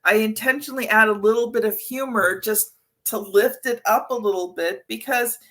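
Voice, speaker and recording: Bright-voiced chatty woman host. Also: a little high, normal speed. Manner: chatty, many fillers, tells personal anecdotes. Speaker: podcast host. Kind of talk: conversational interview.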